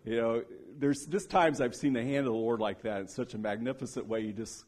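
A man preaching a sermon, telling a story with lively acted-out quotes and dropping to a hushed low voice on solemn points. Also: brisk. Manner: animated storyteller who acts out quoted speech.

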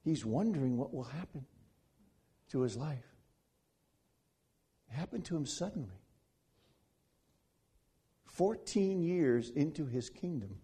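A man preaching a sermon, swinging between loud pleading passages and hushed, quiet stretches. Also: fairly high pitch, animated, slow pace, long pauses, husky.

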